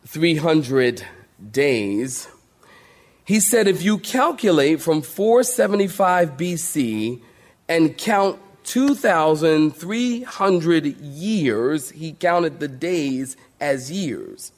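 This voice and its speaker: A male pastor preaching a sermon to a congregation, emphatic, calling out to the saints for responses. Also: a little high.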